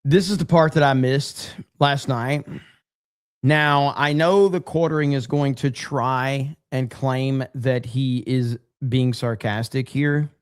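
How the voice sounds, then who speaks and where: A man's voice: mid-range voice, steady tone, slow pace, clean tone, no echo, clean studio sound. A man hosting a casual commentary stream, talking bluntly and repeating his points for emphasis. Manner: blunt, repetitive emphatic talk. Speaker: show host.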